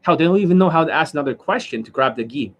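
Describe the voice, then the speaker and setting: A man's voice: a little high, lively intonation, racing, a bit bright. Profane, combative male dating coach. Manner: demonstrative, keeps asking "you see that?". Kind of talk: livestream rant.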